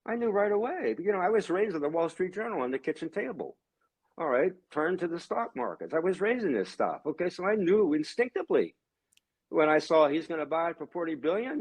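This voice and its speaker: A man's voice: sing-song, a little fast, slightly rough. A man in his seventies, a religious brother and guest, talking in an emphatic, ranting way. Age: 70s. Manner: emphatic, ranting, swinging pitch and loudness. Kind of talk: heated conversational monologue.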